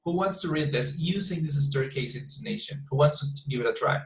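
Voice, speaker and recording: A man's voice: on the high side, expressive, fairly quick, echoey room, rough recording. A male English teacher giving an online class, often restarting his phrases and checking in with "you see?".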